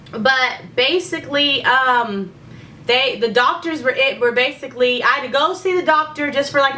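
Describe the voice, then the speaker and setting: A young woman vlogger with heartburn gives a candid, casual pregnancy update, full of fillers and talk of faith, while secretly burping. Her voice is high, pushed and bright, recorded far from the mic with a slight hiss or hum.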